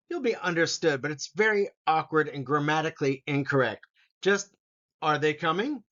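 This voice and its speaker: A man teaching an English grammar lesson, slowly reading out example sentences. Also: on the high side, fairly bright tone, muffled recording. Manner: slow, deliberate, reads example sentences aloud.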